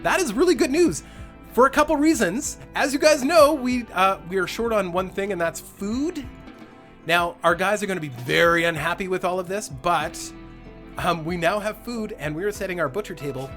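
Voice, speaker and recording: A young man streams his gameplay live, talking in an animated, lively way with a slightly high voice. He jokes darkly and laughs often as he plays. Faint game music sits underneath. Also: normal speed. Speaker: gaming livestreamer.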